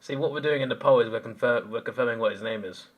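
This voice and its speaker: A man's voice: mid-range voice, fast talker. A man hosting a live stream, chatting casually and answering chat comments as he rambles.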